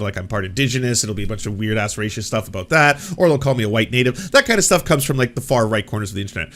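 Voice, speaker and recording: A male commentary host who rambles through his points with a sarcastic, profane edge. His voice sits at an ordinary middle pitch. He talks the way people do in unscripted reaction videos. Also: a bit bright. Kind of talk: casual commentary reacting to clips.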